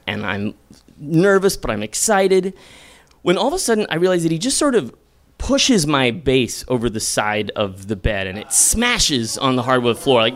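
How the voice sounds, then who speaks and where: A young man telling a self-deprecating comic story live, acting out quoted lines with sudden high squeals.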